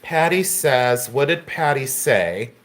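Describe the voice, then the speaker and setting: A man's voice: mid-range voice, expressive, slow, a bit bright. Chatty man running a live sale. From Ohio. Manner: chatty, teasing banter with viewers. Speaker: live auction seller. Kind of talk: live-stream sales auction.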